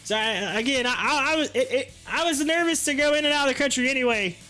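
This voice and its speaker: An American man hosts a live stream, rambling through casual stories and viewer comments at a quick clip. His voice is very high and sharp, with soft music underneath, and he laughs often and repeats himself.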